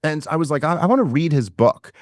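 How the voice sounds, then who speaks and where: A man's voice: fairly high pitch, no room sound, studio quality. A man, telling a story in a casual podcast interview and acting out the people he quotes. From New York City. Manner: animated retelling, quoting others and himself in quick asides. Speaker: guest.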